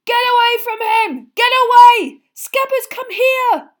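A woman voicing a frightened, frantic teenage boy who hisses and shouts in panic. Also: very high-pitched, slow, voice pushed up.

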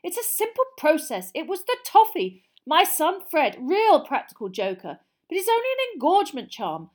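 A woman voicing a kindly middle-aged wizard father who pleads earnestly in a raised, high voice. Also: sing-song, moderate pace, a little mellow, slightly rough, exaggerated voice. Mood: desperate.

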